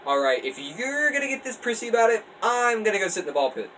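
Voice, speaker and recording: A man voicing a brash, excitable teenage boy who talks loud and jokey, recorded from a distance with a faint air-conditioner hum. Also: quick pace, full character voice. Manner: loud, joking, raised pitch.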